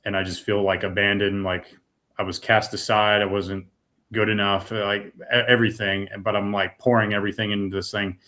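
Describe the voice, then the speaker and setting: A man's voice: lowish voice, level tone, moderate pace, sharp tone. A middle-aged man from the United States giving an emotional personal testimony, earnest and raw, repeating words when moved. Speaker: guest.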